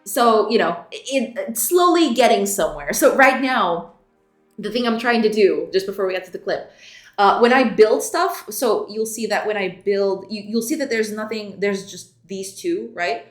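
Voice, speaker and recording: A woman's voice: mid-range voice, expressive, normal speed, roomy sound, soft background music. A woman streaming her game development, chatting casually with frequent giggles and restarts. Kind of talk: casual live-stream chat.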